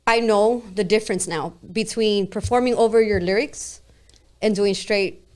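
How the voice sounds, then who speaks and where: A woman's voice: medium pitch, normal speed, a little mellow. A woman with a New York accent, a rapper talking casually in an interview, streetwise and blunt, swearing freely and asking "you get me?". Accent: New York-style. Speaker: guest rapper.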